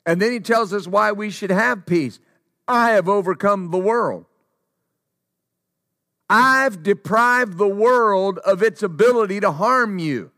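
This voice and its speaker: A man's voice: high voice, slow, bright, forceful tone, no room sound, clean studio sound. A man preaching a sermon, repeating key phrases for emphasis and quoting scripture.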